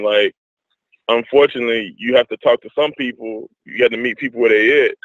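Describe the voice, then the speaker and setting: A man in casual group discussion, talking haltingly with many restarts and fillers. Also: medium pitch, no room sound. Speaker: discussion participant. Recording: dry, phone-like audio.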